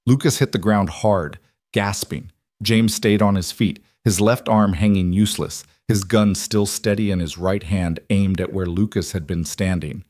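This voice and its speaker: Low-voiced male story narrator. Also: normal speed, no echo, studio quality. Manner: even, steady storytelling.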